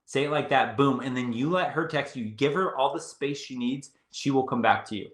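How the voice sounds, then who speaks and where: A man's voice: mid-range voice, moderate pace, roomy sound. A young adult man giving casual dating advice in a confident, breezy, repetitive way. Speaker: dating coach. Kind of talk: casual coaching chat.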